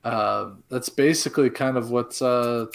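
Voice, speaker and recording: A man on a podcast joins a casual movie discussion. He hesitates often and throws in jokey asides. His voice sits at an ordinary middle pitch. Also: a little slow, gravelly. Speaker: podcast co-host. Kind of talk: casual movie review chat.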